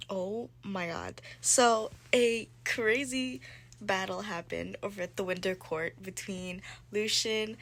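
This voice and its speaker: A young woman recapping a book she is reading, gushing and excitable and peppering her talk with "like". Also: mid-range voice, measured pace, vocal fry, a little hiss or hum. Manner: gushing, excitable, heavy use of "like". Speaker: book vlogger. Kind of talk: casual chat recapping a book.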